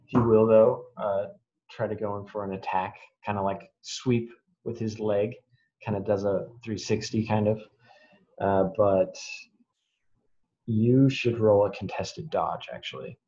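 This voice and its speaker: A man's voice: fairly low pitch, steady tone, dark tone. Young male game master, casual and laughing easily, on dull video-call audio. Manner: casual, quick to laugh, improvising rules on the fly. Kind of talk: running a tabletop game over a video call.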